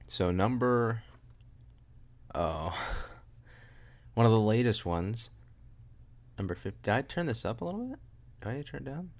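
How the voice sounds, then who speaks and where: With a mid-range voice full of big pitch swings, this young man speaks a little slowly with long pauses while hosting his solo podcast at home over a loud air conditioner. He rambles, makes self-deprecating jokes, and frequently trails off before restarting.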